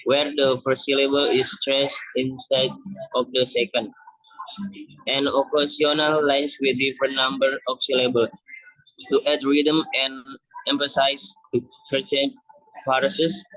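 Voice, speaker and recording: Halting young man presenting class work. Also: medium pitch, flat delivery, a bit bright, no echo. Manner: halting, restarts words often. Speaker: student presenter. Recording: dull lo-fi recording.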